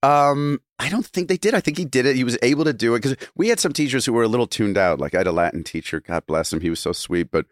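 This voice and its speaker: A man's voice: mid-range voice, animated, fast talker, hardly any pauses, no echo, clean studio sound. A man guest in a casual podcast chat, rambling through stories with restarts and laughing asides.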